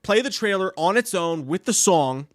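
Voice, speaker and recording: A man's voice: high-pitched, lively intonation, moderate pace, no room sound, clean studio sound. A man co-hosting a casual live stream, rambling and swearing as he reads viewer comments. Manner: profane, rambling, lots of restarts. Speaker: podcast co-host reading live chat.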